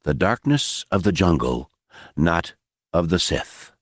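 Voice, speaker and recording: A man with a deep, low voice narrating a novel audiobook. His delivery moves expressively through the sentences, recorded close and dry with no room sound. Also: big pitch swings, slow pace, dry recording.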